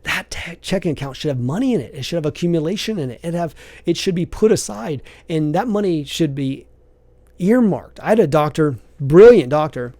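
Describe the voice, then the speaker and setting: A man's voice: fairly high pitch, animated, fairly quick, dark tone, dry recording. A man hosting a podcast, giving earnest, emphatic business advice in a preachy monologue. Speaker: podcast host, business coach.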